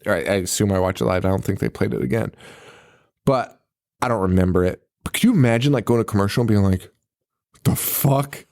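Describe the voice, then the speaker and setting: A man's voice: on the low side, quick pace, darkish tone. A man hosting a podcast in casual chat, rambling, swearing often and laughing a lot. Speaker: podcast host.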